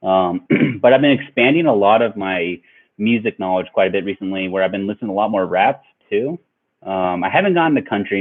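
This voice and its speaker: Laid-back low-voiced young man rambling. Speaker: vlogger. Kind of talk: casual storytelling. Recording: tinny phone-like sound.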